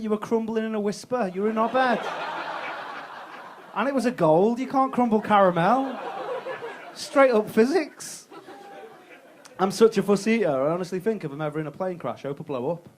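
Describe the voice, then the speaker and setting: A young comedian works a club crowd on a handheld mic, cheeky and foul-mouthed. His voice sits a touch high for a man. Faint noise runs under the set. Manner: cheeky, swearing, fast crowd banter. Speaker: stand-up comedian. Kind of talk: stand-up set with crowd work.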